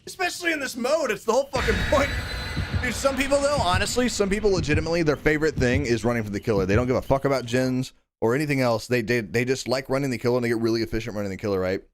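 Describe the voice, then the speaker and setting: A man livestreaming a game, chatting casually with excitable, profane, rambling banter and yelling at teammates. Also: mid-range voice, very fast, a little hiss or hum. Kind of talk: live gameplay commentary.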